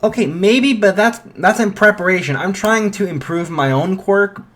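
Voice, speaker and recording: A man's voice: high-pitched, moderate pace, fairly bright tone, pitched above the performer's own voice. A man voicing a cocky teenage boy hero who teases his rival with playful insults, in a casual spoken fan story. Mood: teasing.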